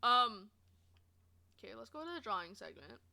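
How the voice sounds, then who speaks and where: High, lively young woman streamer. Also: moderate pace, creaky. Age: young adult. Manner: animated and giggly, lots of fillers, quoting others in lively voices. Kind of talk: casual rambling storytime chat.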